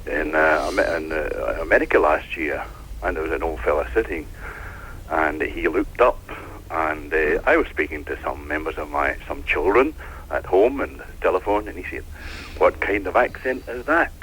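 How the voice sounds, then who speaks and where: A man with a Scottish accent calling into a radio phone-in, halting and stammering before pressing his point firmly. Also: a bass voice, fairly bright tone, slight background noise, low-quality recording. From Lanarkshire, Scotland. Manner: hesitant, stammering, then emphatic. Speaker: phone-in caller. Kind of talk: phone-in discussion. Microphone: telephone line.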